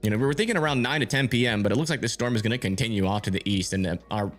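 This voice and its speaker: A man's voice: lowish voice, racing, faint music behind. Man talking through live storm radar. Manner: thinking aloud, reads and answers viewer chat. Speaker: livestream weather tracker. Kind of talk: live storm-tracking commentary.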